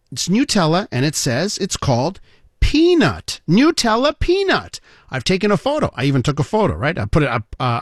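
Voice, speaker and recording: A man hosting a talk radio show, telling a story in a playful, animated way and speaking straight to his listeners. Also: fairly high pitch, dry recording, clean studio sound. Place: radio studio. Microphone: studio microphone.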